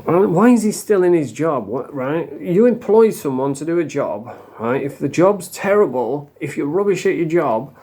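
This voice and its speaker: A man with a South Yorkshire accent delivers a loose, angry rant to camera. He swears constantly and rambles with open scorn. His voice sits slightly higher than most men's. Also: normal speed, warm tone. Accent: South Yorkshire English. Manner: rambling with mocking put-on voices. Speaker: vlogger.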